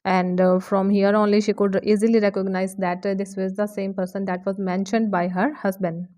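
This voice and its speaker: A woman's voice: medium pitch, little pitch movement, moderate pace, dark tone. A young adult woman teacher reading a novel aloud to her students and stopping often to explain it, with many fillers and restarts.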